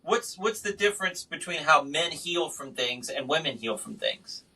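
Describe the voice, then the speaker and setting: Bright-voiced man telling stories, a bit off mic. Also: a little high, normal speed, husky, far from the mic, low-quality recording. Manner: animated storyteller. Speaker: podcast host and magician. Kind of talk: casual interview chat.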